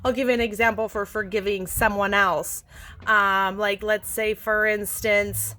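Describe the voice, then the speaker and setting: Gentle earnest woman explaining. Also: mid-range voice, level tone, a little slow. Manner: gentle, earnest, many fillers and restarts. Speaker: self-help vlogger. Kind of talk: casual instructional talk to camera.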